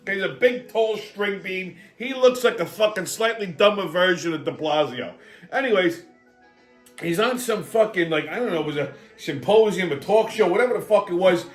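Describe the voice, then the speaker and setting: A man's voice: high voice, animated, normal speed, soft background music. A male host ranting on a comedic political show, brash, swaggering and full of swearing. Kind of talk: profane comedic political rant.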